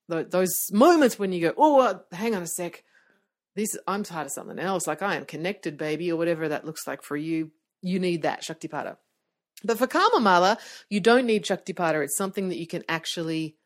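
A middle-aged woman hosting a podcast from her bedroom, chatting casually with lots of fillers and restarts. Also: on the low side. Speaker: podcast host. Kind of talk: casual solo podcast talk. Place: bedroom, seated on bed.

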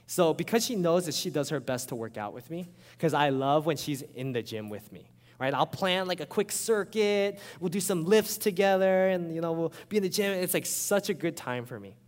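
Lively male preacher in an echoing hall. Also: fairly high pitch, normal speed, hardly any pauses. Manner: animated, conversational, often checks in with the audience. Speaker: pastor. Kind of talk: sermon.

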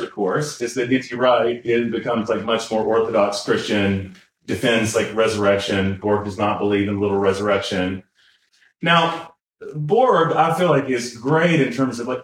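A man co-hosting a podcast in casual chat, rambling and correcting himself with lots of fillers and chuckles. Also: mid-range voice. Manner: chuckles while talking. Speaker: podcast co-host. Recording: roomy echo.

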